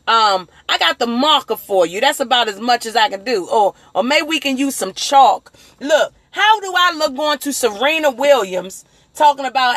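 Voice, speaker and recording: A woman whose voice sits high speaks at a moderate pace, with no room sound in the recording. She's running a laid-back motivational livestream on her phone, animated and rambling, doing voices for the people she quotes.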